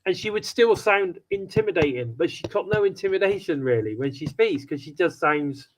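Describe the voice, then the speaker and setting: A man's voice: high-pitched, expressive, a little fast, crowd noise, rough recording. Brief: male podcast co-host, loose rambling talk. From United Kingdom. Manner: chatty, rambling with frequent restarts and laughs. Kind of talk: casual wrestling review chat.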